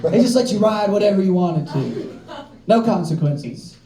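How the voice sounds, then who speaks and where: High-voiced young comic on a club stage. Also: male voice, very animated, normal speed, crowd noise. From American South. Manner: loose, rambling delivery with filler words. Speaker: stand-up comedian. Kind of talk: stand-up comedy set. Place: comedy club stage with live audience. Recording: roomy club with audience laughter.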